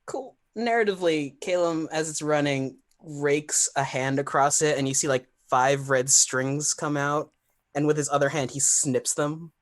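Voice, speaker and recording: A woman's voice: low voice, fairly even intonation, a little slow. A woman playing in a tabletop game, blunt and casually swearing. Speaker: player.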